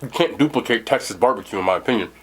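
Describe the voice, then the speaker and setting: A man's voice: mid-range voice, lively intonation, rapid-fire. A young man reviewing food in a casual eating vlog, enthusiastic and talking while he chews. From New Jersey. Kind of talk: eating vlog with mouth full.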